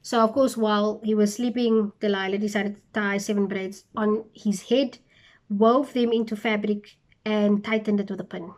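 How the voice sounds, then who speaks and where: A woman's voice: medium pitch, steady tone, normal speed, a little mellow. A young woman retelling a Bible story for her channel, with chatty, incredulous asides.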